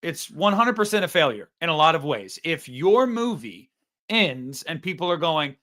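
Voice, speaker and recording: High-voiced young man ranting about a film. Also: very animated, normal speed, a bit bright. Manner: ranting, profane, exasperated. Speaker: podcast co-host. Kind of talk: casual film review chat.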